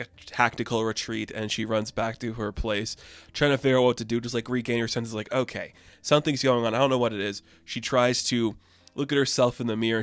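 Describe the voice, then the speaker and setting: Young male comic reviewer, casual recap, animated, acts out the quotes, dry close sound. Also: medium pitch, smooth, no echo. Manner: animated, acts out characters' lines.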